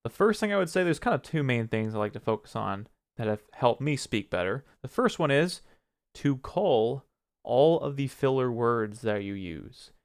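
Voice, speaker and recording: A young man with a smooth, clear voice talks straight to his viewers in a relaxed advice vlog. He pauses often to find his next words. He admits to his own speech habits in a frank way. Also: mid-range voice. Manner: reflective, pauses often while choosing words; self-critical about his own speech. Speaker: streamer and video creator. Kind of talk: casual advice talk to camera.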